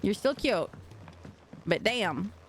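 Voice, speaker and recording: A woman's voice: mid-range voice, lively intonation, slow, slight background noise. A woman streaming a video game, chatting casually, laughing often and talking sweetly to her pets. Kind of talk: casual live-stream chat.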